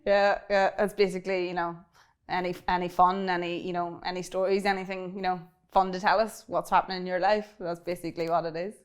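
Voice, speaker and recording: A woman with a Northern Irish accent, chatting quickly in an interview, often laughing, with many fillers. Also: lowish voice, flat delivery, clear, resonant tone. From Northern Ireland, County Tyrone. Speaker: interview guest, cybersecurity expert. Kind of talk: casual interview chat.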